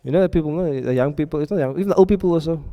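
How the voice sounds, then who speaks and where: A man's voice: a little high, very fast, highs cut off. A man teaching a classroom lesson, often stopping to ask his students questions and check they are following. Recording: reverberant hall sound.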